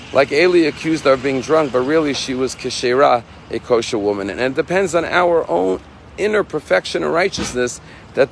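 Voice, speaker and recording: A rabbi giving a short Torah lesson, telling a story earnestly and slowing down on the key points. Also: male voice, fairly high pitch, vocal fry. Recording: faint street and car noise behind.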